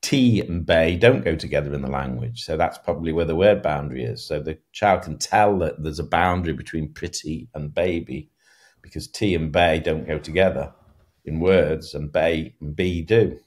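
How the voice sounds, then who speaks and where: A man with a very low voice answers interview questions as an expert. He explains things carefully and sometimes repeats a word as he works out his sentence. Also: moderate pace, a little mellow. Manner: thoughtful, explanatory, with restarts. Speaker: guest expert.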